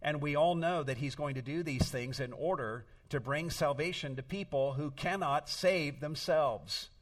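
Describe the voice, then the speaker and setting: A man's voice: fairly high pitch, moderate pace. Distant-miked middle-aged preacher man. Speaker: pastor. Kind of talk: sermon.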